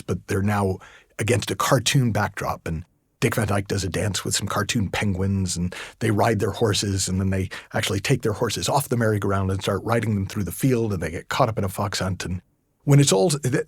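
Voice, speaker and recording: Husky, low-voiced American man. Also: no room sound, studio quality. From United States. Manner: conversational, with frequent restarts and slow emphatic stretches. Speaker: podcast host. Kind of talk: reflective solo podcast talk.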